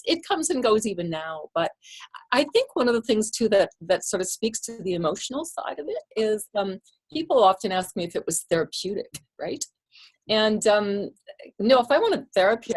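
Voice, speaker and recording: A woman author and artist talking openly in a remote interview, self-deprecating and relaxed, her voice a little lower than most. She speaks through a plain computer microphone rather than a headset, over a video call. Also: breathy edge. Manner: candid, self-deprecating, frequent fillers and laughs. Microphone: computer mic without headset on a video call.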